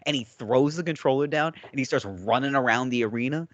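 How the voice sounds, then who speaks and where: A man co-hosting a podcast in casual chat, an animated storyteller who acts out quotes and laughs often. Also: medium pitch, fairly quick, no room sound, muffled recording. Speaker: podcast co-host.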